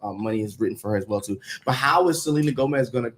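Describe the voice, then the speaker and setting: A singer-songwriter with a Haitian accent, chatting as a podcast guest, animated and quick to laugh, sometimes jumping into high joking shouts. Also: male voice. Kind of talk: casual interview chat.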